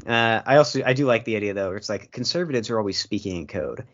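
A man's voice: fairly low pitch, animated, fast talker. Man, podcast co-host, sarcastic, dry humor, lots of ums, dull lo-fi sound. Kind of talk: casual comedic chat.

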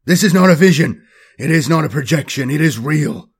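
A man's voice: on the high side, expressive, fairly quick, vocal fry, breathy edge, pitched above the performer's own voice, heavily acted. A man doing a barking harsh marine captain. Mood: commanding.

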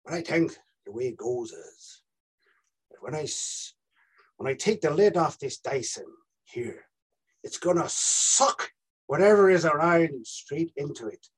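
A man acting out an Irish TV detective who halts and lowers his voice as he explains a case to colleagues. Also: fairly even intonation, slow, long pauses, a bit bright, breathy edge. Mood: hushed dramatic.

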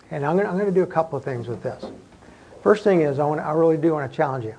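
A man's voice: a little high, rapid-fire, warm tone, breathy edge, poor audio. A man preaching a sermon to a congregation in a church room, talking conversationally with frequent restarts. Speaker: pastor.

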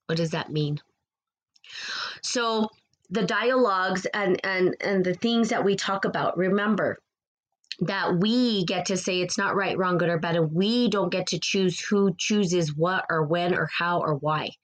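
A woman's voice: lowish voice, unhurried, poor audio. A woman speaking to her followers in a casual spiritual monologue, passionate and rambling, repeating herself as she gets preachy.

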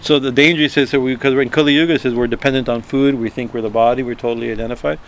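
A man giving an informal spiritual talk, halting and repeating himself, often checking in with a quick "right?" and chuckling as he explains. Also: medium pitch, fairly even intonation, a little hiss or hum. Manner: halting, repeats words, frequent "right?" asides. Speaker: spiritual teacher.

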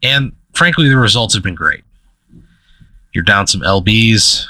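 A man's voice: lowish voice, animated, a little slow, sharp tone, dry recording. Male co-host, rambling comedic storyteller, full of "uh"s, laughs through his lines, dry sound. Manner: rambling storyteller, laughs mid-sentence, many fillers. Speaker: podcast co-host. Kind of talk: casual comedic chat.

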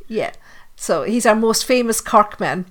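A woman's voice: fairly high pitch, lively intonation, measured pace. A woman with an Irish accent hosting a podcast interview in a chatty, jokey way, often laughing. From Ireland. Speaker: podcast host. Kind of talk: casual interview chat.

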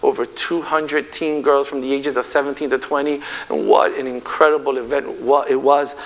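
A man preaching a passionate sermon as pastor, swinging from loud declarations to hushed, quiet passages. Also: mid-range voice, little pitch movement, normal speed.

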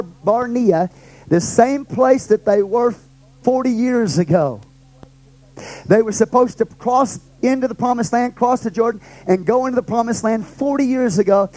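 A man's voice: high-pitched, mellow, rough recording. A middle-aged male pastor teaching a Bible study, emphatic and repetitive, often checking in with rhetorical questions.

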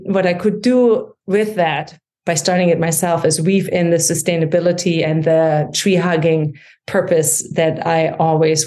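A woman's voice: lowish voice, a little mellow. A woman in her forties from Germany with a German accent, chatting as a podcast guest, with frequent ums and easy laughter. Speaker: guest, kitchen organizing business founder. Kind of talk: casual interview chat.

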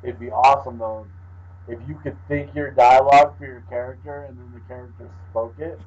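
A man's voice: medium pitch, fairly even intonation, a little mellow. A man co-hosting a podcast in casual chat, wry and joking as he riffs. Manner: wry, joking, quick to riff. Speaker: podcast co-host. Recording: dull lo-fi audio.

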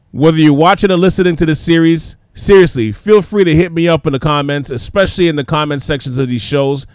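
A man hosts his podcast in a fairly high, upbeat voice, chatty and eager as he plugs his show. The sound is dry and close, with no room around it. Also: no room sound. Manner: upbeat, chatty, self-promoting. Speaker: podcast host. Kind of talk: casual podcast monologue.

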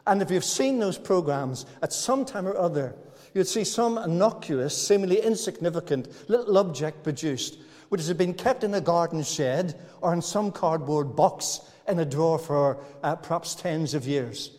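A man's voice: a little high, lively intonation, normal speed, darkish tone. A man preaching a sermon in a church, talking to the congregation in a folksy, good-humored way. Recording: church hall reverb.

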